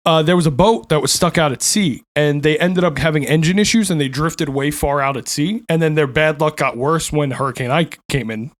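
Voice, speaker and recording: Laid-back man hosting a chatty podcast. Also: a little high. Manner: laughs often, swears casually, rambling storytelling. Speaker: podcast host. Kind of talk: casual podcast chat. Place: New York.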